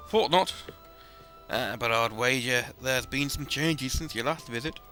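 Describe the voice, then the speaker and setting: A man voicing a gruff, chatty male sailor in a put-on rough seafaring accent, reading game dialogue aloud in character with a folksy drawl. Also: medium pitch, measured pace, pushed and bright, soft background music. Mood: storytelling.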